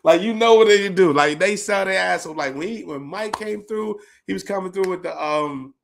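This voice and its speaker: A man hosting a podcast, telling stories in an animated, slangy, profane way. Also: high-pitched, moderate pace, creaky, slight background noise. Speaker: podcast host. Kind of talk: casual reminiscing monologue.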